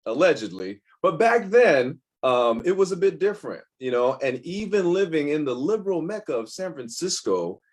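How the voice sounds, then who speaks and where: A man's voice: fairly high pitch, big pitch swings, moderate pace, few pauses. A man, a guest in an interview, telling personal stories candidly in a rambling way, with many restarts. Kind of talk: casual interview storytelling.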